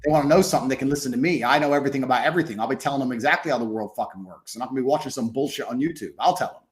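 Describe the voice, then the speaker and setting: A man as a podcast guest in casual conversation, blunt, profane and boastful, slowing down to stress points. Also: medium pitch.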